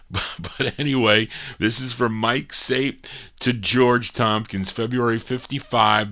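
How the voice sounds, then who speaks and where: A man's voice: lowish voice, pushed and bright. A middle-aged man hosting a live amateur radio show, rambling and correcting himself with small chuckles. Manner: rambling, self-correcting, chuckles at own slips.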